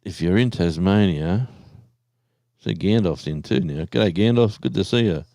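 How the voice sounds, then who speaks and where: Easygoing Australian guy hosting a live stream, low mellow voice, dry close sound, rambling chatty delivery. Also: a little slow, vocal fry, no echo. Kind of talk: casual live stream chat.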